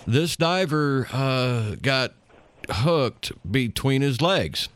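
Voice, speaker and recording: A man's voice: medium pitch, lively intonation, very slow, fairly bright tone. A man co-hosting a radio show, telling a story in casual banter, rambling with lots of fillers and chuckles.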